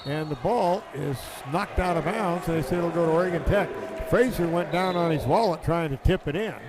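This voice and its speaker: A man calling a basketball game play by play, excitable and quick in bursts. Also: fairly high pitch. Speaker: play-by-play announcer. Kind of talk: live basketball commentary.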